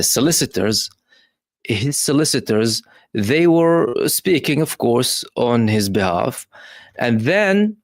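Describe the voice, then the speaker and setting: A man's voice: medium pitch, no room sound, clean studio sound. Man hosting live news commentary. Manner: hesitant with many fillers, emphatic rhetorical questions. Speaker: host.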